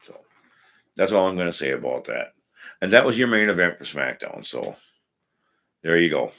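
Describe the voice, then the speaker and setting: A man with a very deep, gravelly voice hosts a casual live stream. He rants bluntly and swears often as he talks through the week's wrestling. He comes from Minnesota. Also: very animated, normal speed, a bit bright. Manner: blunt, ranting, profane, opinionated. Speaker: wrestling podcast host.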